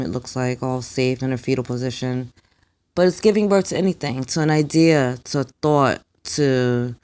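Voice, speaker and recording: A young adult woman, a spiritual card reader, telling a personal story in an emphatic, animated way and acting out the quotes. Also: rumbling low.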